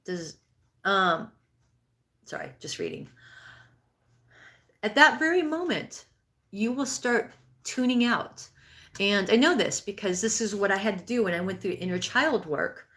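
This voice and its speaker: A woman in her sixties hosts a live-streamed spiritual healing talk and responds to viewer comments. She speaks in an earnest, conversational way and often restarts her sentences. Her voice sits at an ordinary middle pitch for a woman. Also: lively intonation, measured pace, fairly bright tone. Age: 60s. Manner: acts out inner thoughts in a raised, pleading voice.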